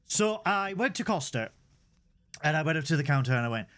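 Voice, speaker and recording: A man's voice: on the high side, animated, fairly quick, a bit bright. A young man, co-hosting a podcast in casual chat, rambling with stumbling restarts and comic asides. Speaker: podcast co-host.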